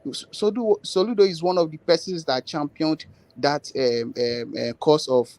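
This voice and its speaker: A man's voice: fairly high pitch, moderate pace, darkish tone, no echo. A man earnestly making his case in a political discussion, repeating words and using many fillers.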